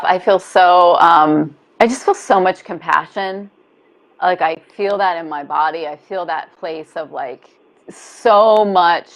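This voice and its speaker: Soft-spoken woman coach, lowish voice. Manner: warm, expressive, acts out gentle inner voices. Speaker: body-image coach and guest. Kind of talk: casual interview talk. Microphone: video call.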